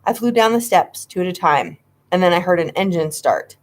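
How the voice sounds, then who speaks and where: Woman narrating a spooky kids book, lowish voice, dramatic suspense reading. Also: animated, normal speed. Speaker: audiobook reader. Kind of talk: storybook narration.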